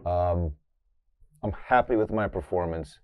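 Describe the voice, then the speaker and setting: A man's voice: sits low, unhurried, clean tone, dry recording, phone-quality sound. A man competing in a comedic quiz, stalling and trailing off over his answers. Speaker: quiz contestant. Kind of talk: casual comedic quiz banter.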